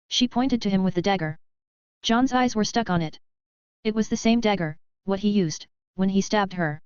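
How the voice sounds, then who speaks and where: A woman narrating a story in an even, steady reading voice. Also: mid-range voice, normal speed, smooth, no echo, muffled recording. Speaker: audiobook narrator. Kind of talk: scripted narration.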